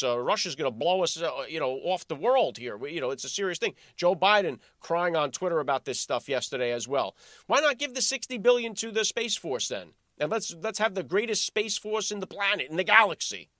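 A man's voice: a little high, bright, forceful tone, dry recording, clean studio sound. A male podcast host giving a sarcastic political commentary monologue full of rhetorical questions.

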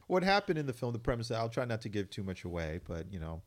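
A man co-hosts a casual radio talk show. His voice sits low, and he rambles, swears freely and laughs often as he talks. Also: very animated, fairly quick. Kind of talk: casual chat.

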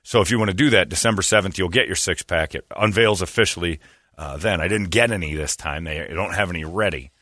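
A man's voice: low-pitched, fast talker, sharp tone, dry recording, studio quality. A man hosting a radio show, telling self-deprecating stories and acting out the people he quotes. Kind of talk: casual storytelling on morning radio.

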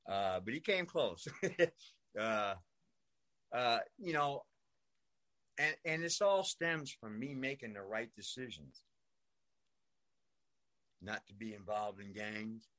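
A man's voice: lowish voice, animated, slow pace, pauses often, pushed and bright. An older man from Brooklyn telling his own story in a rambling, profane way, peppered with "man" and "you know". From Brooklyn, New York. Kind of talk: personal storytelling monologue.

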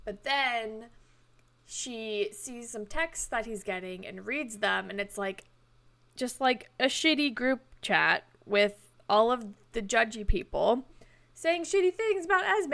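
Young female co-host, casual recap chat, gravelly voice pitched a little high, peppered with "like" and laughs. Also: expressive, takes it slowly, a bit bright, no echo. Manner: chatty, lots of "like", acts out quotes with laughs. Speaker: podcast co-host.

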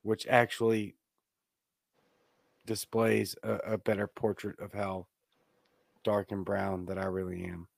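A man's voice: fairly low pitch, monotone, a little slow, vocal fry, pauses often, dry recording, clean studio sound. A man from Louisiana co-hosting a casual online talk show, rambling easily through a story over his laptop. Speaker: podcast co-host. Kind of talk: casual chat. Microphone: laptop webcam.

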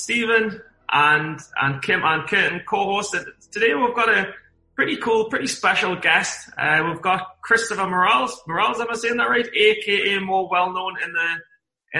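High-voiced joking man, echoey room. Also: sharp tone. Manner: loose, joking, swears casually. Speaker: podcast host. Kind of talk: casual interview chat.

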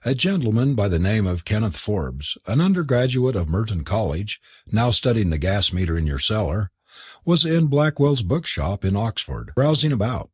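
A man's voice: fairly low pitch, very animated, normal speed, a little mellow, breathy edge, no room sound, studio quality. A man narrating an audiobook, telling the story expressively and switching into voices for the characters.

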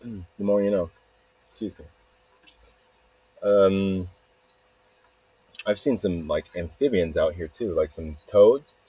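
Male podcast host, low husky voice, rambling profane monologue, dry close sound. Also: mellow, no echo, low-quality recording. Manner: rambling, profane, self-interrupting. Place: outdoors.

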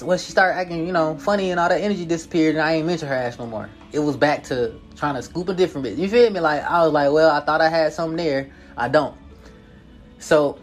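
Fast-talking, profane young man telling a story. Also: fairly high pitch. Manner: profane, slangy, animated, full of filler tags. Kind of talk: casual storytime monologue.

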